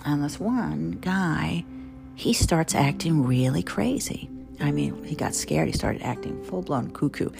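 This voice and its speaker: A woman's voice: low-pitched, measured pace. A woman in her fifties from New Jersey with a Southern accent, a chef hosting a show, telling rambling, wry stories and digressing often. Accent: Southern American over New Jersey. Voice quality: gravelly. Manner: chatty, digressive, animated, wry. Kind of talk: rambling storytelling monologue. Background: music.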